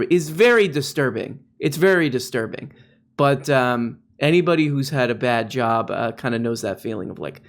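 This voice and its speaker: A man's voice: medium pitch, normal speed. Sarcastic man doing casual commentary. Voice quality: sarcastic, mocking, drops into mock voices. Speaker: political commentator.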